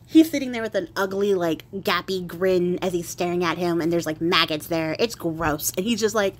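A woman's voice: on the low side, moderate pace, hardly any pauses. A woman casually retelling a fairy tale in a chatty, irreverent way with wry asides. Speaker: crafting channel host retelling a fairy tale. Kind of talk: casual storytelling.

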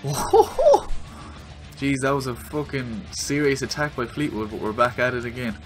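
Excitable Irish man commentating a football game. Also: medium pitch, brisk, soft background music. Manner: excitable, yells at the screen during attacks. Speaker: gaming video creator.

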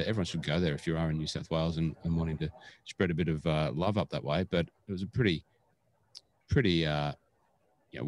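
A man's voice: low-pitched, darkish tone, no echo. An Australian man co-hosting a podcast, chatting casually and rambling with plenty of fillers. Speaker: podcast co-host.

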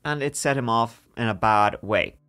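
A man's voice: medium pitch, normal speed, a bit bright. Guy co-hosting a crime podcast, chatty storytelling, cracks jokes, faint music under it. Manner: joking, laughs between story parts. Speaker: podcast co-host. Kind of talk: casual true-crime storytelling.

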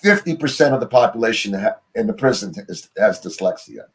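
A man's voice: lowish voice, lively intonation, a little fast. A middle-aged American man talks as an interview guest, rambling loosely through his story. He fills his speech with "you know" and breaks off to restart his sentences. He is heard over a remote call. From United States.

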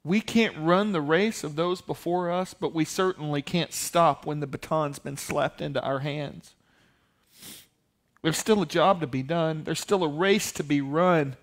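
Male pastor, high-pitched, storytelling sermon that rises to forceful preaching. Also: a little slow. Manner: storytelling, building to loud emphatic preaching.

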